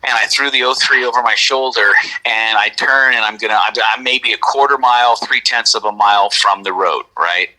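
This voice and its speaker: A man's voice: mid-range voice, a little fast, few pauses, bright, forceful tone, rough recording. A middle-aged man telling his own encounter story in casual talk, rambling, correcting himself and often asking "right?". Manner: rambling, self-correcting, frequent "right?" asides. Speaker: interview guest recounting an encounter.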